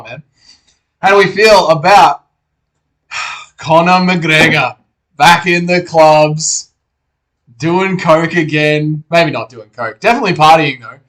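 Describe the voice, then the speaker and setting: A man's voice: a little high, fairly bright tone. A young Australian man hosting a casual livestream, reading out chat messages, laid-back and swearing freely.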